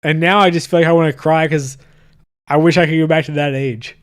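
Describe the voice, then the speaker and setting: A man's voice: a little high, steady tone, fairly quick. Profane, easygoing man chatting. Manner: loose and profane, with frequent restarts. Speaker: podcast host. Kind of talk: casual chat reading live comments.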